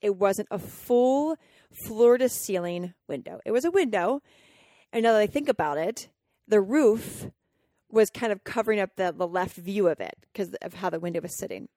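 A woman's voice: mid-range voice, expressive, normal speed, warm tone, no echo, clean studio sound. A woman hosting a podcast, telling a personal story earnestly and emotionally, acting out her own inner dialogue. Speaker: podcast host and coach.

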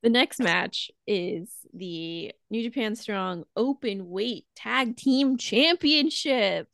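A woman co-hosting a podcast in casual chat, excitable and gushing, swearing freely. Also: fairly high pitch, takes it slowly, creaky, no room sound, studio quality. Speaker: podcast co-host.

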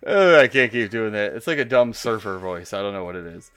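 A man's voice: on the low side, lively intonation, brisk, a bit bright, clear, resonant tone, dry recording, faint music behind. A man hosting a podcast in loose, joking casual chat. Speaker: podcast host.

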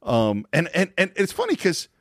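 A man's voice: a little high, wildly swooping pitch, moderate pace, no echo, studio quality. A man hosting a podcast in casual chat, telling the story enthusiastically. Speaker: podcast host.

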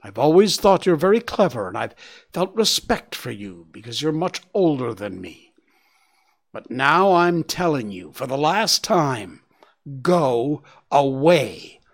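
A man voicing a young male stag who speaks calmly and gently while holding back anger, in an audiobook reading. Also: mid-range voice, slow pace, heavily acted. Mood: stern warning. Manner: calm, restrained, quivering with suppressed anger.

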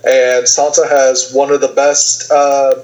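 A man's voice: medium pitch, little pitch movement, takes it slowly, darkish tone, lo-fi sound. A man co-hosting a podcast, retelling a TV season in a rambling way with lots of fillers and quoted lines. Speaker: podcast co-host. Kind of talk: casual TV recap chat.

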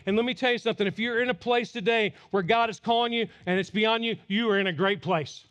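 A pastor delivering a sermon at a church service, animated and teasing the congregation. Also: male voice, sits high, quick pace, few pauses.

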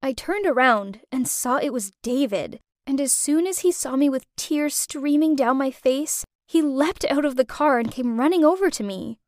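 A woman's voice: high voice, animated, normal speed, few pauses, a little mellow, no room sound, clean studio sound. A woman narrating a dramatic first-person story with an emotional delivery.

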